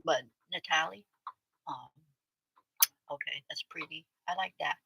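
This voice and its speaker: A woman's voice: low voice, unhurried, gravelly, bright, forceful tone, husky, no room sound, rough recording. A woman hosting a casual livestream, chatting and teasing as she reacts to viewer comments and laughs often. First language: Vietnamese. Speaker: livestream host.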